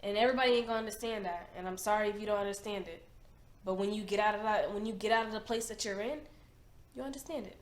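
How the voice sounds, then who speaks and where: A woman's voice: medium pitch, fast. A young woman in her twenties, hosting a reaction video in casual chat, emphatic and slangy, often repeating herself. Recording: roomy echo, faint noise.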